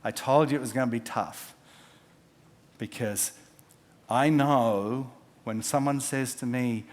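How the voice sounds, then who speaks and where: A man, a pastor preaching a sermon, telling stories and acting out the quotes, dropping from loud to hushed. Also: fairly low pitch. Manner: storytelling with acted-out quotes, swinging from loud to hushed.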